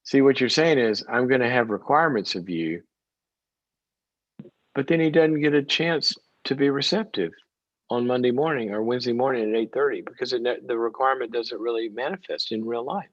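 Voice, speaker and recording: A man's voice: brisk, no room sound, lo-fi sound. Direct man coaching a caller. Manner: direct, coaching, acts out parents and kids with sudden high bursts. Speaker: call-in show host, psychologist. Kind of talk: advice call-in show.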